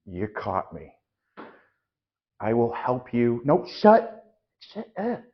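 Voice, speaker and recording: A man's voice: mid-range voice, wildly swooping pitch, slow, dull audio, voice pushed down, heavily acted. Man improvising a flustered, anxious house seller. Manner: rambling, nervous, self-interrupting. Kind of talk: live improv comedy. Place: small theatre stage.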